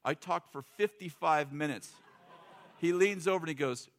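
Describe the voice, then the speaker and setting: A man's voice: on the high side, expressive, normal speed. A middle-aged man preaching a sermon in a loose, joking, conversational way, acting out quotes. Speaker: pastor.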